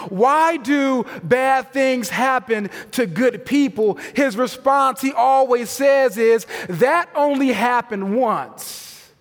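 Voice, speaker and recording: A man in his thirties preaches slowly and deliberately, his voice sitting high for a man. He pushes some phrases out hard and drops others to a hush. The sound rings with the long reverb of a large church hall. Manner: emphatic preaching, swings from loud to hushed. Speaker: pastor. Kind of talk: sermon.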